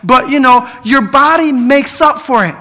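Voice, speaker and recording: A man's voice: extremely high pitch, unhurried, sharp tone. A man preaching a sermon in a conversational, humorous way, telling personal stories and often repeating words as he searches for the next one.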